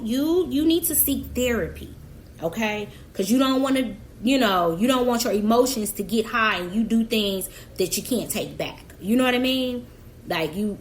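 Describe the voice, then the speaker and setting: A young adult woman runs a reaction channel, talking to viewers in a chatty, emphatic way and addressing the absent person she's reacting to directly. Her voice is a little high, with a slight hiss or hum.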